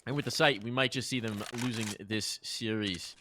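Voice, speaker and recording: A man doing live play-by-play esports commentary in a rapid, playful, excitable way. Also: fairly low pitch, noisy background. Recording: game gunfire in background. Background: game sound effects and gunfire.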